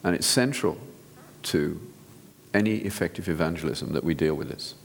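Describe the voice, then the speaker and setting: A man's voice: extremely low pitch, moderate pace, creaky, big-room sound, a little hiss or hum. A man, a physician, giving an earnest, direct sermon-style talk to an audience, often restarting his sentences. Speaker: physician speaker.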